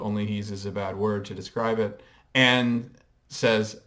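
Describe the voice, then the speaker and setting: Man, mid-pitch, reflective vlogger; measured, hesitant delivery full of ums. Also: expressive, bright, forceful tone. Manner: explains and coins terms in a measured way. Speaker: pop culture vlogger. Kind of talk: casual commentary.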